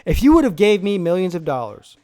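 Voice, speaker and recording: A man's voice: sits high, very animated, a little fast, dark tone. A man from South Carolina hosting a live football draft stream, brash, profane and joking in casual commentary.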